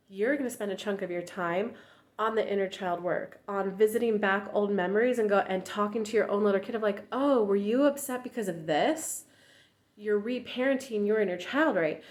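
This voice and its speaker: A woman in her thirties speaks candidly as a relationship coach, her pitch swinging up when she acts out quoted voices. The delivery is casual and direct, aimed at her viewers.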